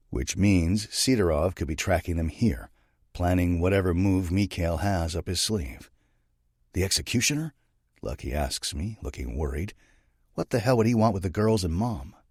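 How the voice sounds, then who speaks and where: A man narrating a first-person dark romance audiobook with a grim, tense delivery. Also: sits low, no echo, clean studio sound.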